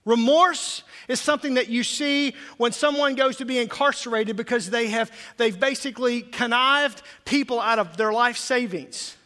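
A male pastor delivers an impassioned sermon in a high, bright, forceful voice. He climbs to loud emphatic peaks and then drops into hushed intensity. The sound carries a long reverb from a church sanctuary. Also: moderate pace, few pauses.

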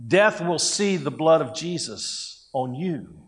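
Male pastor, unhurried sermon delivery, higher-pitched voice, conversational with acted quotes. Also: animated.

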